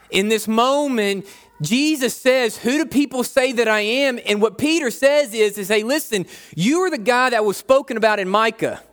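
A young pastor delivers a sermon with a high, light voice. He talks in a loose, conversational way and hammers home repeated phrases. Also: fairly bright tone.

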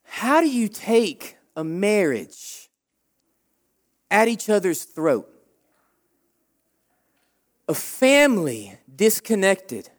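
Animated male pastor preaching. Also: sits high. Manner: animated, acts out the people's complaints. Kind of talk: sermon.

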